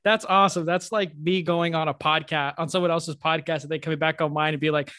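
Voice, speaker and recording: Eager fan host with a higher voice. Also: male voice, fairly quick, a bit bright, dry recording, studio quality. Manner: enthusiastic, filler-heavy, laughs often. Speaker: podcast host. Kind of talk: casual podcast chat.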